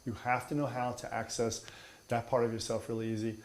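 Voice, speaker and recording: A man's voice: mid-range voice, little pitch movement, brisk, a little hiss or hum. A man teaching meditation in an emphatic, playful way, mixing in humor and mockery. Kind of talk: spoken teaching.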